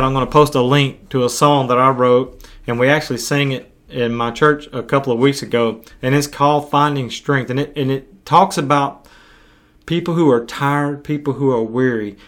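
Pastor guy doing a podcast sermon, earnest and pleading, kinda losing his voice, mid pitch. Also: a bit bright. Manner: earnest, urging, slow deliberate pauses.

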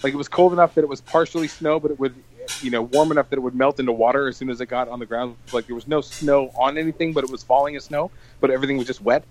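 A man co-hosting a podcast, telling a long story in an animated, swearing casual chat. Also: medium pitch, very fast, a little hiss or hum, poor audio. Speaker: podcast co-host.

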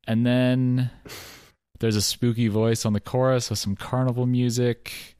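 A man's voice: medium pitch, steady tone, normal speed, a little mellow, clean tone, no echo, clean studio sound. A man co-hosting a casual podcast chat, loose and laid-back, reviewing songs. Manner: laid-back, loose, reads lyrics aloud. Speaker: podcast co-host.

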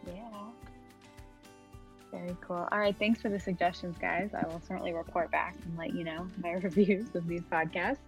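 Playful woman podcast host, gravelly tone. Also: lowish voice, steady tone, normal speed, faint music behind, rough recording. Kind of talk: casual podcast chat.

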